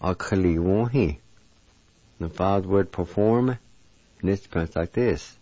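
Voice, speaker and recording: Low-voiced guy doing a slow language lesson, breaks words into syllables, dull lo-fi sound. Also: mellow, dry recording. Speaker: language teacher.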